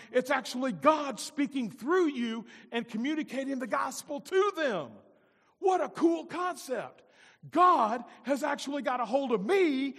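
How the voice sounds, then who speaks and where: A man preaching a sermon as pastor, moving between loud emphatic lines and soft, low-spoken asides. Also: big-room sound.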